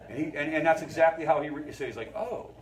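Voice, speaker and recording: A middle-aged man, a therapist, giving an informal, conversational lecture to a family recovery group and checking in with his listeners. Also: on the high side. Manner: conversational, keeps checking in with the audience. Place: meeting room with a group. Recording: voice picked up from a distance.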